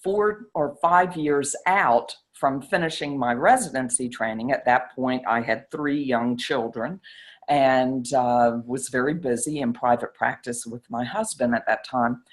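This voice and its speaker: A middle-aged woman, a psychiatrist, telling a story in an interview and acting out the quoted exchanges with animation. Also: a bass voice.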